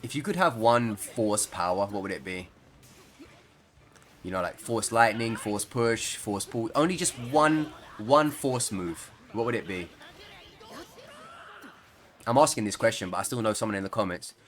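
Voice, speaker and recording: A man's voice: lowish voice, measured pace, pauses often, a bit bright. Rambling, jokey male gameplay commentator. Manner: rambling, jokey, laughs often. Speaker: gaming YouTuber.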